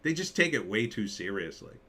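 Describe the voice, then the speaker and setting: A middle-aged man hosting a casual live stream, ranting and mimicking critics in squeaky voices. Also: fairly quick. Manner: animated, mocking impressions in high voices. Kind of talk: casual political commentary.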